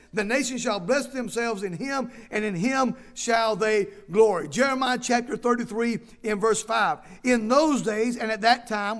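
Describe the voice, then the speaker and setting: A man's voice: extremely high pitch, a bit bright. A male pastor preaching a sermon, reading scripture aloud and stressing his points with emphatic repetition.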